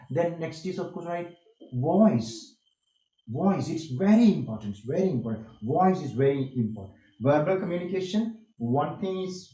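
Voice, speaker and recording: A man's voice: mid-range voice, warm tone, roomy sound, low-quality recording. A man with an Indian English accent giving an online workshop lecture, emphatic and repetitive, with frequent fillers. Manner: emphatic, repeats key words, frequent fillers.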